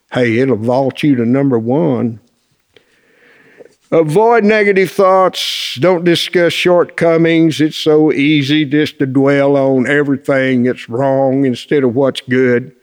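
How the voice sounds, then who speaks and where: An older man, giving a folksy, emphatic motivational talk that swings from loud to hushed. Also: medium pitch. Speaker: motivational speaker. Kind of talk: storytelling sermon.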